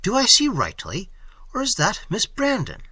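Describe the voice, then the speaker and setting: A man playing a suave gentleman stranger. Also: high-pitched, huge pitch swings, normal speed, no echo, voice pushed up, full character voice. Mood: courteous. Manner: courteous, smooth, quietly commanding.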